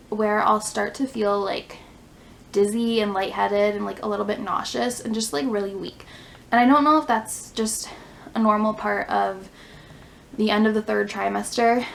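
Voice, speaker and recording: A woman's voice: medium pitch, vocal fry, a little hiss or hum, low-quality recording. A young woman, a stay-at-home mom, chatting casually in a vlog, a little out of breath and full of "like" fillers. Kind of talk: casual pregnancy update vlog. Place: home near a fire station.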